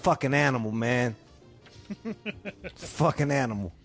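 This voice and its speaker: A man's voice: medium pitch, expressive, takes it slowly, soft background music. Profane, rowdy male radio host. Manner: profane, loud, laughing. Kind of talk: crude comedic radio banter.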